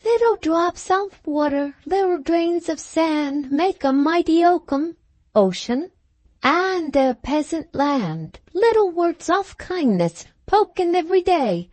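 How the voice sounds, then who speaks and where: Storybook figure: a tiny eager boy with a high babyish sing-song, voiced by a woman narrator. Stresses land on the wrong words. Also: expressive, slow, darkish tone, no echo. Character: little boy Teddy reciting verse.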